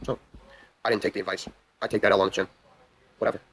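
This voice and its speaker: A young man races through a long story at a very fast clip, with a low voice that swings between loud outbursts and hushed asides. He swears constantly and rambles from one point to the next. A faint hiss of background noise sits under his voice. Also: level tone. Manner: profane, rambling, intense. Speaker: livestream host.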